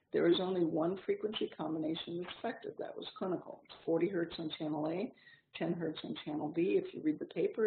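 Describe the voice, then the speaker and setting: Gravelly-voiced woman lecturing on a tinny recording. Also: low voice. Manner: measured, explanatory lecturing with frequent um pauses. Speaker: seminar instructor. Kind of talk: clinical seminar lecture. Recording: tinny lo-fi seminar recording with faint hiss.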